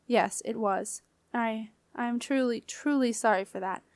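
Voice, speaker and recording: A woman's voice: fairly high pitch, measured pace, dry recording, natural voice. Woman doing a hesitant young man. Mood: uneasy. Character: earnest, uneasy young man.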